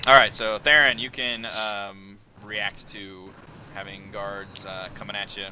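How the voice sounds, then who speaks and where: A man narrating a tabletop game as dungeon master, animated, jumping into high yelping voices for guards. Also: slow, a little hiss or hum.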